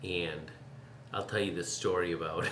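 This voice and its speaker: A man hosting a casual interview, playful and laughing, telling a lively story. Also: sits low, unhurried, roomy sound, a little hiss or hum. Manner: playful, laughing, acts out voices in stories. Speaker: host.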